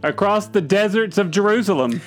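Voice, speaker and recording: A man's voice: sits high, lively intonation, brisk, soft background music. A man co-hosting a comedy chat show, reacting with dry, wry quips. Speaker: co-host.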